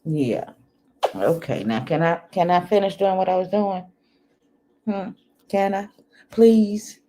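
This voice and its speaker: Slow, animated older woman livestreaming. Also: on the low side. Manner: chatty, animated, laughs often; talks softly at times. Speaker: livestream host. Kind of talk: casual chat with viewers. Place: home, indoors. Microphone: computer microphone.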